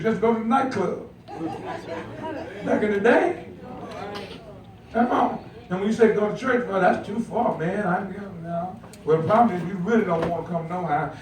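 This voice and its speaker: An older pastor delivers a folksy, joking sermon that leans heavily on call-and-response with his congregation. His voice is high for a man and sounds as if it was picked up from far back in a very echoey church sanctuary.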